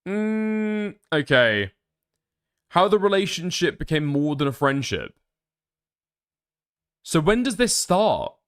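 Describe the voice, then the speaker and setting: A man's voice: fairly high pitch, sing-song, slow pace, pauses often, fairly bright tone, clean tone. A man doing reaction commentary on a stream, sarcastic and profane, thinking aloud.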